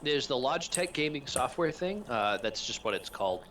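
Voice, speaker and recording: Over a gaming headset, a man running a tabletop game as game master explains things step by step in a relaxed way. His voice is medium-pitched at a normal speed, with a little hiss or hum on the recording.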